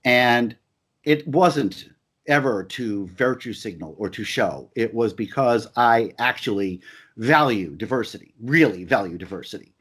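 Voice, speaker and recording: An emphatic man in a heated back-and-forth conversation. He presses his points again and again, and often trips over restarts before getting the words out. His voice sits at an ordinary middle pitch. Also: lively intonation, unhurried, a bit bright, breathy edge.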